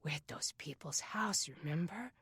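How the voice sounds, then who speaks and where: A woman as a hushed protective young boy. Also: lowish voice, moderate pace, dry recording, clean studio sound, lightly acted. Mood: quiet. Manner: hushed, soft-spoken.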